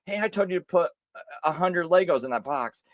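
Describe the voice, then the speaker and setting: An irritated grown man barking at a child, played by a man. His voice climbs high and tight, and the harsh scolding rushes out quickly in a dry room. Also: lively intonation, no room sound, highs cut off. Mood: angry.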